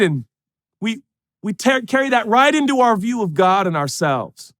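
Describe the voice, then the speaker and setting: A middle-aged man preaching a sermon as a pastor, swinging between loud emphasis and hushed, intimate asides. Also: high voice, sing-song, normal speed.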